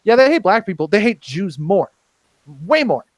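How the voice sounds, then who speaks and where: A man's voice: sits high, very animated, moderate pace, dry recording, rough recording. A man on a casual roundtable podcast, talking in a heated, profane, rambling way with many restarts. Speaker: podcast host.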